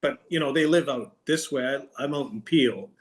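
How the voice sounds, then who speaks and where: A man's voice: medium pitch, normal speed. A man co-hosting a podcast in casual chat, teasing his partner with dry banter. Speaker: podcast co-host.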